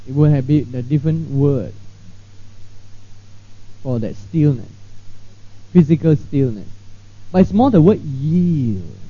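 A man's voice: a little high, no echo. A man teaching a Bible class in a conversational way, often checking in with his listeners. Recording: dull lo-fi recording.

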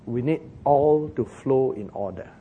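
A man preaching a sermon as pastor, telling the story in an animated way, acting out the quoted voices and chuckling at his own jokes. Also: medium pitch, measured pace, narrow, tinny audio, slight background noise.

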